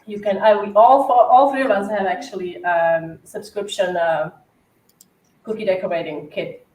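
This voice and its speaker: A woman's voice: medium pitch, normal speed, darkish tone. A woman from Slovakia with a Slovak accent, chatting casually on a cookie decorating livestream, laughing often. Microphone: far from the mic. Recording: roomy echo, distant mic, faint hiss.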